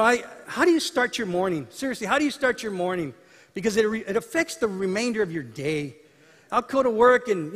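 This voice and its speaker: A male pastor with a notably high voice preaches a sermon as if telling stories to friends, slipping into the voices of the people he describes. His voice rings out with a long reverb, as in a large hall. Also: fairly bright tone. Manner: conversational storytelling preaching, acting out dialogue.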